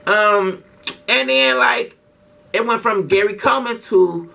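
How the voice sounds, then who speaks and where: A man's voice: high-pitched, slow pace, vocal fry, pushed and bright, recorded from a distance. A man telling a story casually to his vlog audience, slangy and profane, with lots of restarts. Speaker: vlogger.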